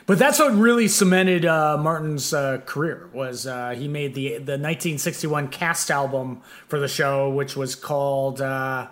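A man hosting a podcast in casual, rambling chat, animated and quick to laugh. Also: mid-range voice. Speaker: podcast host.

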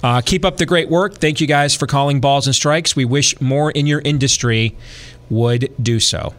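A man's voice: medium pitch, moderate pace, fairly bright tone. Rambling middle-aged male talk host. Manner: rambling, conversational, many fillers and restarts. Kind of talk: casual political talk radio.

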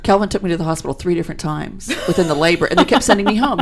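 A woman with a gravelly, fairly low voice chats on a talk show. She tells her own stories bluntly and with dry humor. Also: expressive, rapid-fire. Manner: blunt, wry storytelling. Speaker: co-host. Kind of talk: casual chat.

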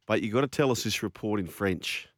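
A man hosts a sports radio show in a jokey, brisk way. His voice sits low and sounds dry and close. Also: animated, dry recording. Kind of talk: casual sports radio chat.

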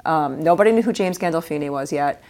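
A woman's voice: low-pitched, fast, a little mellow. A middle-aged woman from New York, a guest actress telling stories at home in a casual interview, swearing freely and laughing mid-story.

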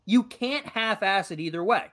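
Young male co-host, light Massachusetts accent, high lively voice, jokey and profane. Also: moderate pace. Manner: animated, joking, swears freely. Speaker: podcast co-host. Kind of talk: casual chat.

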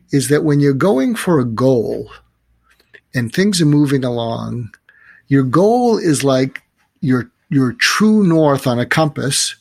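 Gravelly, husky man telling a story. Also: medium pitch, no room sound. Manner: storytelling, many restarts and fillers. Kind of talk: casual conversational advice.

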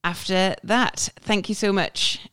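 A man's voice: high-pitched, fairly even intonation, slow, bright, forceful tone, clean tone. A man hosting a football podcast, upbeat as he steers the talk and signs off. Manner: upbeat, wrapping up. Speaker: podcast host.

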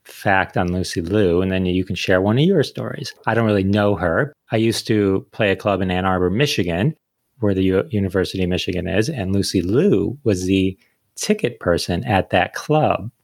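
A man hosts a casual chat in a playful way, laughing often and leaning on fillers. His voice sits fairly low. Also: moderate pace, no echo. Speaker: host.

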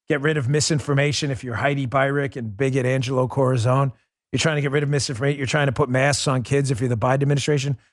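A man's voice: medium pitch, no echo, studio quality. A man hosting a political commentary podcast. He talks in an emphatic, sarcastic way, with rambling asides. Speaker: podcast host. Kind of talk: conservative political commentary with host-read ad.

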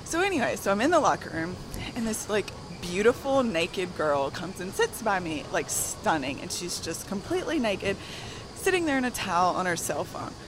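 Soft-spoken Southern woman, out of breath. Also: medium pitch, sing-song, normal speed, noisy background. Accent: Southern American. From American South. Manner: soft, giggly, rambling. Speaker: guest. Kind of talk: casual storytelling. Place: gym on a treadmill.

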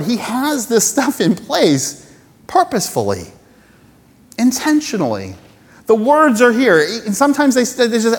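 A male pastor preaching a sermon in a lively, conversational way, poking fun at himself and acting out little voices. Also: high voice, moderate pace, big-room sound.

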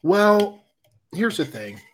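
A man who is a guest on a podcast, chatting casually and telling a relaxed story. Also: sits high, takes it slowly. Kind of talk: casual chat.

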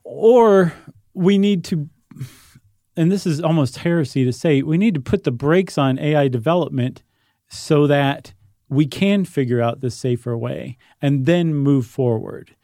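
Casting note: male podcast co-host, mellow mid-range voice, dry close recording, relaxed explainer. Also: a little high, a little slow, vocal fry, no room sound. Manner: explanatory, easygoing, thinks aloud with fillers. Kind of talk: casual conversational podcast.

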